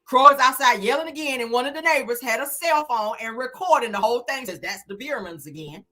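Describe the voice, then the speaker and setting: Woman host, casual gossip commentary, blunt and emphatic, bright voice, a bit high. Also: quick pace, soft background music. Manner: blunt, emphatic, swears freely.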